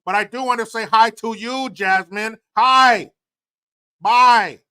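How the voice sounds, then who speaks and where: A man's voice: very high-pitched, slow pace, clear, resonant tone, voice pushed up, exaggerated voice. A man putting on a mock accent to play a pompous male world leader greeting a viewer. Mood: grandiose. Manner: overblown, loud mock-accented delivery.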